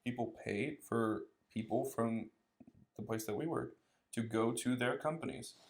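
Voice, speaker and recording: A man's voice: mid-range voice, a little slow. A young man with a Southern US accent hosting a podcast, chatting and teasing his guest into a podcast mic. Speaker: podcast host. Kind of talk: casual chat. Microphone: podcast microphone.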